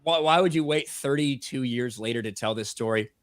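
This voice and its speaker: A man's voice: mid-range voice, brisk. A man in a casual podcast chat on a video call, talking in a sarcastic, profane way. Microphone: webcam mic on a video call.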